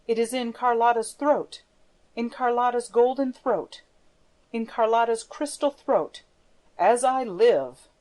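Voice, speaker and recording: A woman's voice: fairly high pitch, darkish tone, low-quality recording. A woman reading the part of a menacing masked male phantom, with a theatrical, darkly playful manner.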